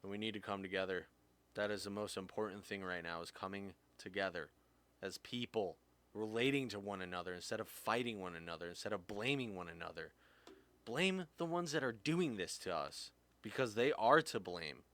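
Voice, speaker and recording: Low-voiced man ranting heatedly. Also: expressive, normal speed, a bit bright. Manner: heated, swears often, pitch jumps when angry. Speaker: podcast host. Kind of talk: impassioned rant.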